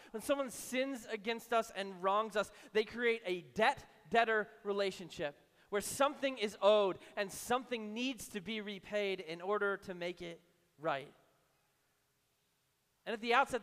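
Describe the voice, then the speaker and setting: A man preaching a sermon in a conversational way, acting out imagined voices and dropping low and soft for emphasis. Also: smooth, long reverb tail. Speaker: pastor.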